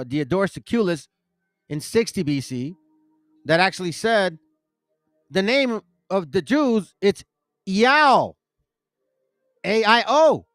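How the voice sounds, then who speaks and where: Casting: higher-voiced man, loose bible-study host who trips over names, dry close recording. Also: no echo. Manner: rambling, self-correcting, stumbles over names. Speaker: bible teaching channel host. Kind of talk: casual religious teaching and scripture reading.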